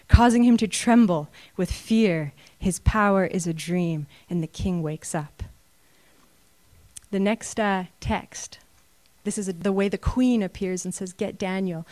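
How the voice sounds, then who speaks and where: A woman's voice: mid-range voice, a little mellow, no room sound. Earnest woman preaching a sermon. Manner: earnest, builds to emphatic peaks. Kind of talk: sermon with slides.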